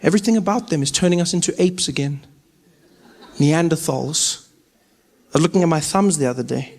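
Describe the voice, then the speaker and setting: Performing stand-up for a live crowd, this South African comedian in his thirties speaks fairly quickly in a slightly high, creaky voice. His storytelling is lively, and he leaps around vocally to play different characters.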